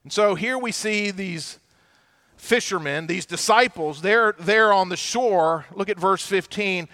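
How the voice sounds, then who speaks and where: A man preaching a sermon to a church audience, telling the story with lively, animated delivery and acting out the voices of the people in it. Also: sits high, measured pace. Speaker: pastor.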